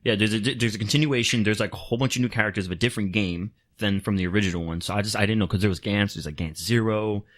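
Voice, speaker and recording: A man co-hosting a podcast who tells animated stories in casual chat. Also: racing, few pauses. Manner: animated storyteller, acts out quotes in high voices. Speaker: podcast co-host.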